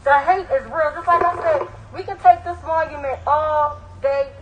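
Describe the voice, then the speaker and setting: A woman's voice: high-pitched, steady tone, normal speed, muffled recording, slight background noise. Fiery woman rallying a protest crowd. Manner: fiery, blunt, rising emphasis. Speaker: rally organizer and emcee. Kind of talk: impassioned protest speech.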